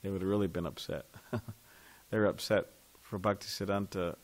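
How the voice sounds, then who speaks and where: A man with a slightly low voice leads a devotional scripture class in a temple. He talks loosely and conversationally, pausing to ask his listeners questions. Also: steady tone.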